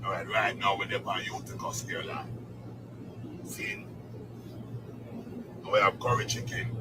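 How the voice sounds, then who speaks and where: A man with a Jamaican accent talking playfully and loudly in a casual video while showing off food. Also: on the low side, steady tone, unhurried. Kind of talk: casual street video talk. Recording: noisy street clip with passing traffic.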